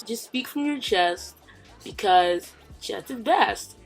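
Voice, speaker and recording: A man's voice: sits high, expressive, slow, vocal fry, faint music behind. A casual, rambling man giving advice. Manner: rambling and joking, with many fillers and trailing asides.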